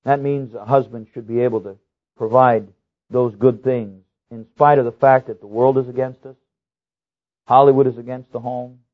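A male pastor delivers a sermon in an earnest, storytelling way. His pitch sits mid-range for a man and jumps upward when he stresses a point, and he circles back to repeat key phrases. The recording is thin and tinny, like a phone line. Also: moderate pace. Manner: storytelling with lively rises in pitch.

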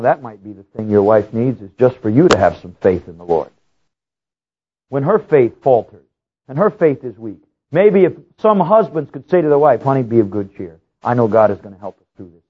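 A man preaching a sermon as pastor. He tells stories with sudden rises in pitch and repeats key phrases for emphasis. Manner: storytelling with lively rises in pitch. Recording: tinny, phone-like sound.

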